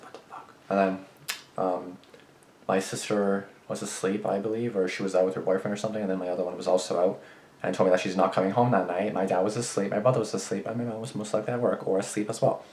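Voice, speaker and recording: A man's voice: low voice, darkish tone, slight background noise. A young man vlogging, rambling through anecdotes with lots of restarts and swearing. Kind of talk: casual rambling storytelling. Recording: roomy echo.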